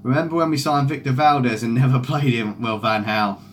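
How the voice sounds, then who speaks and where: A young man rambles loosely on a football fan stream, swearing a lot and reading viewer comments aloud in casual live chat. His voice is mid-range and fairly quick, with a little hiss or hum in the background.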